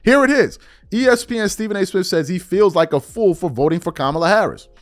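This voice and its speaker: A man hosts a podcast with a high, lively voice that climbs and drops as he questions and reads news aloud. The sound is dry and close, with faint music underneath. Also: brisk, dry recording. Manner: animated, incredulous, reads articles aloud. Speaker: podcast host. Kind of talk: political commentary.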